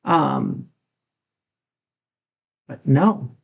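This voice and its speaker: A woman's voice: a bass voice, huge pitch swings, drawn-out words, creaky, slightly rough, lo-fi sound. An older woman reacting to a clip, commenting in an indignant, critical way. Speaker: reaction video host. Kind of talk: casual commentary.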